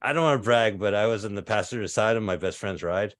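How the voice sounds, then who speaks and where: A man in his fifties performing a stand-up set over a video call, delivering absurd one-liners in a deadpan way. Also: fairly low pitch, quick pace, no room sound, studio quality. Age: 50s. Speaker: stand-up comedian.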